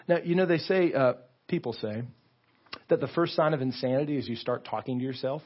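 A man's voice: fairly high pitch, fairly quick, husky, dull audio. A male pastor preaching a sermon in an earnest, conversational way, often repeating his words. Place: church sanctuary.

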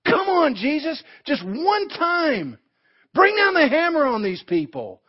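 A preacher playing a high, taunting devil. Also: male voice, huge pitch swings, unhurried, full character voice. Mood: goading. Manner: mocking, goading. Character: taunting male devil tempting his foe. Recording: dull lo-fi recording.

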